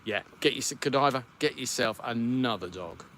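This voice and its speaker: A man's voice: medium pitch, normal speed, a bit bright, a little hiss or hum. A podcast host chatting on his own in a casual livestream at home, rambling and thinking aloud with plenty of ums. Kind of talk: casual solo livestream chat.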